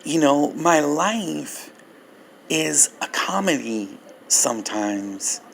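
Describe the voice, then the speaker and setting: Gravelly older man telling a story. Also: fairly high pitch, extremely slow, a little hiss or hum. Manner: animated, laughing storyteller. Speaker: Christian ministry vlogger. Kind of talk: personal storytelling testimony.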